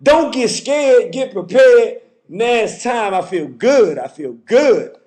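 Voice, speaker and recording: Male call-in host, high voice, fervent preacher-like rhythm. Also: very animated, slow pace, darkish tone. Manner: fervent, repetitive, preacher-like cadence. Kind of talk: call-in show.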